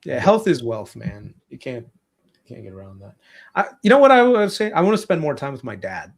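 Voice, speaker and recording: A man chatting on a live stream among friends, teasing them in an animated way. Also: fairly high pitch, brisk, creaky. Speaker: stream guest. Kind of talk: casual chat.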